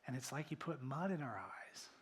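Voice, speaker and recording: Animated man preaching a sermon. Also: mid-range voice, normal speed. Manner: animated preaching, acts out quoted voices, drops to whispers. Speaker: pastor. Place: church sanctuary.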